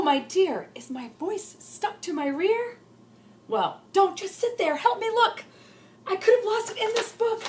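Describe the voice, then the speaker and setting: A woman voicing a loud, proud little girl, shouting and dramatic in a storybook reading. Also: very high voice, slight background noise, voice pushed up, exaggerated voice. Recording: roomy echo.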